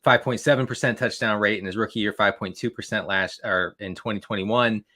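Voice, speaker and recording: A man's voice: fairly low pitch, fairly even intonation, a little fast, bright, forceful tone. A man guesting on a fantasy football podcast, rambling and repeating words as he talks. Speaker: guest analyst.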